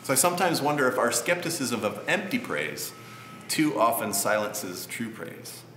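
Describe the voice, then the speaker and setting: A man preaching a sermon in a relaxed, conversational way with light humor. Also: medium pitch, normal speed, roomy sound, a little hiss or hum. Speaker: pastor.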